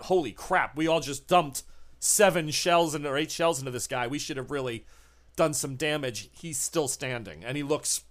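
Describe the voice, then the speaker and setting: A male game master narrating a tabletop horror game. His voice sits a little high and is animated. He bursts into shouted character lines at dramatic moments. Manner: lively, acts out lines in shouts.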